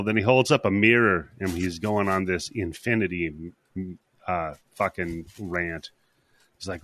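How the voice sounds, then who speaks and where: A man's voice: deep voice, slow, fairly bright tone, no echo. A man co-hosting a podcast, casually recapping a movie, rambling and swearing as he acts out the characters' lines. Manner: rambling, swearing, acting out quotes. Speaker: podcast co-host.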